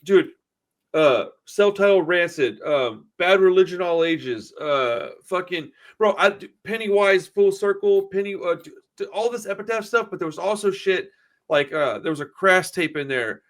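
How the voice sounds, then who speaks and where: A man's voice: sits high, lively intonation, normal speed. Middle-aged man from Texas telling a rambling story. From Houston area, Texas. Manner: rambling storyteller, swears a lot, says dude and bro. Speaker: podcast host. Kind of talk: casual chat.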